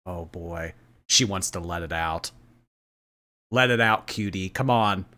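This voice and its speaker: A man hosting a reaction commentary, sarcastic and quick to laugh. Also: sits low. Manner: sarcastic, animated, laughing asides. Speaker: commentary host.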